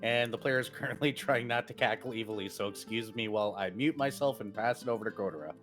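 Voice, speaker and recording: A man's voice: on the low side, fast, fairly bright tone, faint music behind. A man, a player on a tabletop stream, introducing his character with jokes. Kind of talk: casual tabletop chat.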